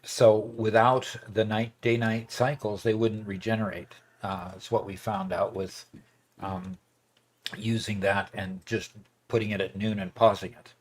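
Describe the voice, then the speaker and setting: Rambling through his gameplay livestream, a male streamer fills his talk with fillers and false starts. He speaks at a measured pace, with a fairly low pitch and a steady tone.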